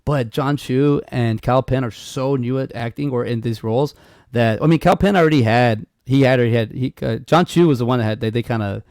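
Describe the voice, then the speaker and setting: Fast-talking gravelly man telling stories. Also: mid-range voice, no echo, studio quality. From Mexico. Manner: animated storyteller, acts out voices, laughs a lot. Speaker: podcast co-host. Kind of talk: casual chat, storytelling.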